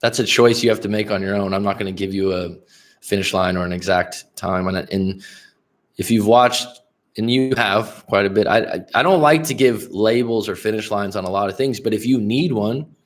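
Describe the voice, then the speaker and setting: A fairly low-voiced man talking straight to viewers on a livestream. He coaches bluntly and animatedly, swearing freely and calling people "bro". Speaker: relationship coach.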